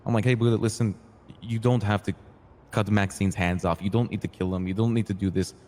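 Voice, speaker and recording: In a roleplay game, a man voices an earnest, hot-tempered streetwise crew boss, telling his side animatedly, acting out other people's lines and swearing freely. His voice sits a little low with a dark tone, fairly even intonation and a slightly fast pace, lightly acted, followed by a long reverb tail.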